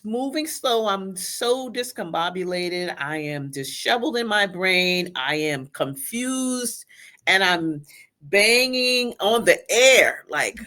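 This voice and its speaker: A middle-aged woman, a guest, telling an emotional personal story in a halting way, with restarts and quoted speech. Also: mid-range voice, bright, forceful tone.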